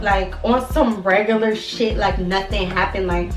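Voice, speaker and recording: A young woman in her twenties telling a storytime vlog in an animated, slangy, profane way. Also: mid-range voice, moderate pace, few pauses. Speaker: vlogger. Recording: echoey room from a distance, faint music.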